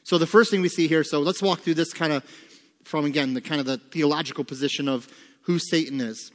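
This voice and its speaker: A pastor leads a Bible study in sermon style, with fill-in notes, speaking emphatically to the congregation and answering his own rhetorical questions. His voice runs on the high side, steady and a little fast, with the long reverb of a large room behind it.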